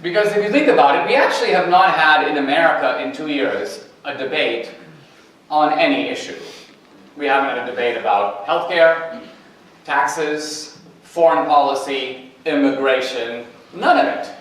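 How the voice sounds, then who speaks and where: Recorded from afar in an echoing university lecture hall, a man with a somewhat high, slightly bright voice talks at a moderate pace. He's a campus guest speaker who tells anecdotes and performs the dialogue in them.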